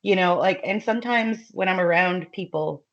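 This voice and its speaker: A woman's voice: on the low side, moderate pace, lo-fi sound. A woman with a Southern American accent chatting casually as a podcast guest, laughing often and using many fillers. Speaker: guest author.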